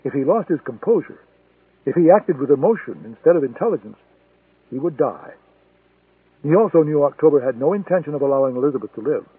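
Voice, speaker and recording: A man reading a thriller audiobook in a steady, measured way. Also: on the high side, breathy edge, no room sound. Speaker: audiobook narrator. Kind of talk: scripted thriller narration. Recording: tinny phone-like sound, dry.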